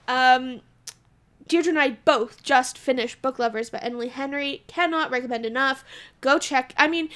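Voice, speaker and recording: A woman's voice: high voice, a bit bright. A young woman from Alberta, co-host of a podcast, chatting in a bubbly way and laughing often. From Alberta, Canada. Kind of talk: casual chat.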